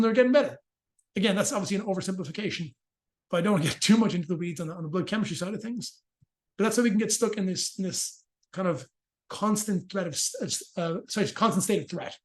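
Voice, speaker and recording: A man explaining breathing physiology in a casual interview, fast and joking, with frequent swearing. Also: high voice. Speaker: movement and rehabilitation practitioner, guest.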